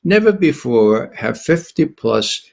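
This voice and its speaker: An older man with a gravelly, husky voice that swings widely up and down as he talks. He gives political commentary as a guest and drives his points with rhetorical questions. His tone is sardonic and incredulous. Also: medium pitch, big pitch swings, slow. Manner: emphatic, asks himself rhetorical questions.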